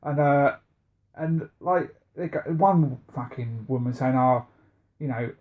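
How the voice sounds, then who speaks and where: A man co-hosting a casual podcast chat, animated and sweary, laughing often. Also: medium pitch, slow pace. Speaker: podcast co-host.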